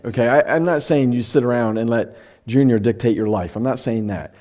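A middle-aged man preaching in a conversational sermon, who slows down to read scripture and at times gets emotional. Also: medium pitch, darkish tone. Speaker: pastor.

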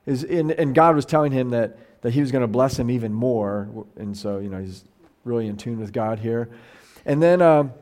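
A man's voice: mid-range voice, normal speed, a little mellow. A middle-aged man teaching a Bible study as a pastor, talking casually and animatedly, with frequent restarts and quoted voices acted out. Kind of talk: casual conversational sermon.

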